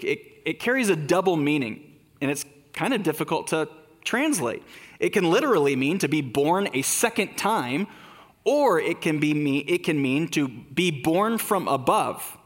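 A man's voice: on the high side, big-room sound. A man preaching a sermon in a conversational way, asking rhetorical questions. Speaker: pastor.

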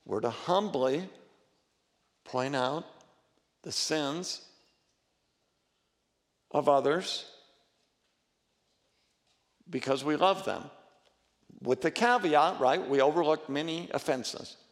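A man's voice: a little high, takes it slowly, long pauses, long reverb tail. A male pastor preaching a sermon in an earnest, conversational way, often restarting and rising in emphasis.

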